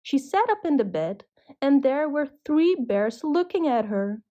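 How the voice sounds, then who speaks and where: A woman narrating a children's cartoon story in a gentle, measured way. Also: high-pitched, sing-song, dull audio.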